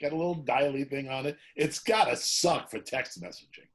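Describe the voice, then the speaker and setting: Over a video call, a male radio personality chats casually and comedically, telling stories in an animated way and laughing often. His voice is medium-pitched and his pace normal.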